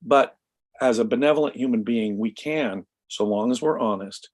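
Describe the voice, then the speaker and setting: A man in a casual discussion, telling a story in an emphatic, animated way. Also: medium pitch, normal speed. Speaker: guest commentator.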